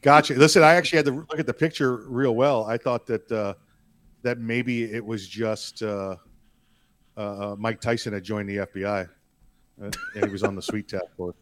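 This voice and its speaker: A man's voice: lowish voice, steady tone, moderate pace. A man co-hosting a casual podcast, joking around and hesitating with many fillers. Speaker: podcast co-host.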